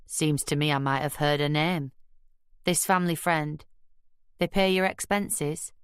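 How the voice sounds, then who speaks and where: A woman voicing a lanky, wary male pool hustler with a Caribbean accent and a slow, laconic, streetwise manner. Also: deep voice, clear, resonant tone, no echo, studio quality. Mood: guarded, laconic.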